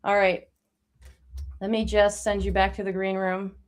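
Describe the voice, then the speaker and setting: A woman's voice: medium pitch, level tone, a little slow. A woman hosting a live online psychic reading, talking to callers in a reassuring, encouraging way. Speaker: psychic medium host.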